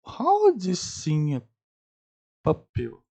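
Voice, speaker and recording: A man speaking English as a second language, halting and searching for words, repeating words to practice saying them as he reacts to an anime. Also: sits high, wildly swooping pitch, creaky, darkish tone. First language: not English. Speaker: anime reaction channel host. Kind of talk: casual theory-crafting reaction.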